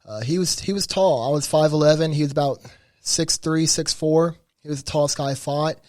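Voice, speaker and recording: A man from Missouri, a fighter guest on a podcast, recounting stories in a relaxed way with fillers. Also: on the high side, a little fast, dry recording, clean studio sound. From Missouri, USA. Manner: relaxed anecdotal telling with fillers. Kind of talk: casual interview chat.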